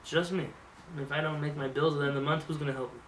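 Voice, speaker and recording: A man rabbi giving a lively, joking sermon in a synagogue, acting out voices as he talks. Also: fairly high pitch, racing, recorded from a distance, slight background noise. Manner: animated, acts out voices, jokes with the congregation. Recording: roomy hall with faint ambience.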